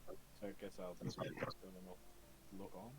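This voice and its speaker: A man's voice: low-pitched, steady tone, normal speed, heavy background noise. A man playing a tabletop game, talking casually and thinking aloud about what his character does. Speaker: player.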